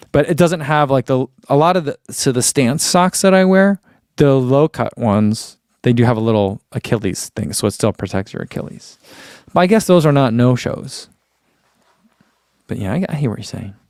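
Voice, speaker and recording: A man's voice: medium pitch, darkish tone, dry recording, studio quality. A young man hosting a running channel, chatting casually and rambling as he shows products and reads viewer comments. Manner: easygoing, rambling, reads chat comments aloud. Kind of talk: casual livestream chat.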